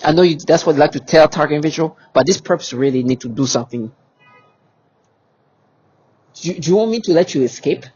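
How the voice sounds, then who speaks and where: A man's voice: fairly high pitch, fairly quick, pauses often, a little mellow, husky, dull audio. A man speaking in an agitated monologue to camera. He talks emphatically and repeats himself, with many restarts and rhetorical questions. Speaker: vlogger.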